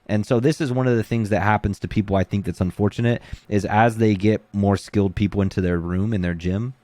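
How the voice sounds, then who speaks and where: A man's voice: on the low side, brisk, no echo. A man who coaches jiu-jitsu, talking casually and acting out the things people say to him. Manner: animated, acts out quoted voices. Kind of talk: casual podcast talk.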